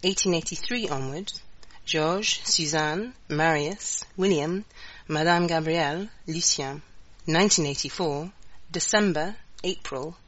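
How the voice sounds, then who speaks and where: A woman's voice: deep voice, measured pace, a bit bright, dull audio. A woman narrator reading out dates and character names from a script. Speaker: narrator of an audio introduction.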